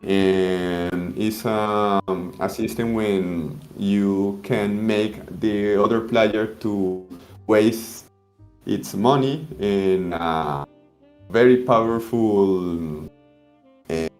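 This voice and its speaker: A man's voice: on the low side, drawn-out words, darkish tone, soft background music. A man being interviewed as a game designer, explaining the rules step by step with many restarts. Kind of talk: interview answers.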